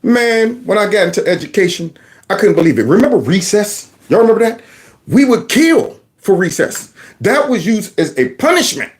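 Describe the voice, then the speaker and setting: On his own channel, an ex-teacher rants casually in a high-pitched voice at a moderate pace. He's animated and homespun, breaking into voices as he acts things out.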